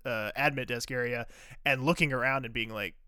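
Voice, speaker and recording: A man's voice: mid-range voice, fairly even intonation, fairly quick, pushed and bright, smooth, no echo, clean studio sound. A man co-hosting a podcast, recapping a TV episode in casual chat, rambling with frequent "uh" fillers and restarts.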